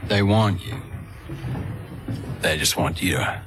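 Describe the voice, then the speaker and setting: An actor playing a blunt male music-business insider in a TV drama, speaking in a gravelly drawl. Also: low voice, animated, takes it slowly. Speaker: drama character.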